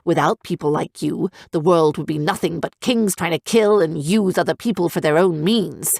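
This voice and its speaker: A woman narrator voicing a stern, protective male griffin father who speaks in a forceful, commanding way. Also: on the low side, moderate pace, gravelly, no echo, studio quality.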